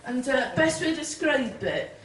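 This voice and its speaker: A woman doing a stand-up routine with deadpan, chatty asides. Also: sits high, normal speed, far from the mic. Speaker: stand-up comedian. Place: comedy club stage. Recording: echoey, noisy room from afar.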